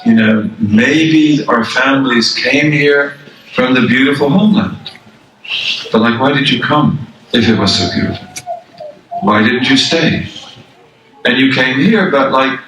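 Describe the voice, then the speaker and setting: A man's voice: medium pitch, a bit bright, recorded from a distance, slight background noise. Older man lecturing in an echoey hall. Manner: conversational, repeats phrases for emphasis, asks the audience questions. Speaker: Islamic scholar and lecturer. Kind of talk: religious lecture to an audience. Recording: echoey room, speaker away from the mic.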